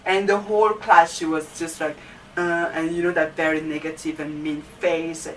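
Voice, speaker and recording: A woman's voice: sits low, steady tone, moderate pace. A young woman, a student, casually telling a story about her teachers, chatty and full of fillers like "you know". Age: young adult. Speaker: student vlogger. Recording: distant mic with faint background noise.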